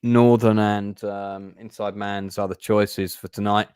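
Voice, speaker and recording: A man's voice: fairly low pitch, level tone, unhurried, a little mellow, clear, resonant tone, dry recording, studio quality. A man from England, hosting a casual film chat show and often restarting his sentences. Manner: chatty, stumbling restarts. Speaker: host.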